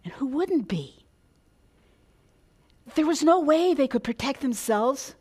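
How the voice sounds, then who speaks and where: A woman's voice: high voice, lively intonation, takes it slowly, darkish tone. A woman preaching a sermon, dramatic, dropping to a whisper and rising for emphasis.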